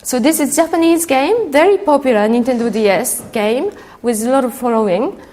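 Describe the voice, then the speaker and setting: A woman delivering a conference keynote in a hall. She speaks in a halting way, filling pauses with frequent ums and uhs. Her voice sits a little high. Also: a little mellow.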